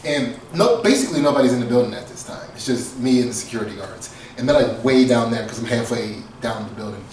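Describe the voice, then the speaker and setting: Quick-paced and animated, this man's mid-range voice has a darkish tone, with a little hiss or hum in the audio. As a podcast co-host he tells a funny story in a casual way, laughing a lot and performing the quotes, recorded far from the mic in an echoey room.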